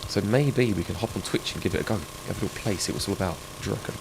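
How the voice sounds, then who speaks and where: A man's voice: sits low, very fast, creaky. A man chatting and joking with viewers while he streams a game. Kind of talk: live gameplay stream chat. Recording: game sound noise behind.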